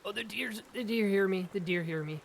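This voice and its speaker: Excitable man giving let's-play commentary. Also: high-pitched, fairly quick, vocal fry, slight background noise. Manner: excitable, talks to his game companion. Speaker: gaming YouTuber.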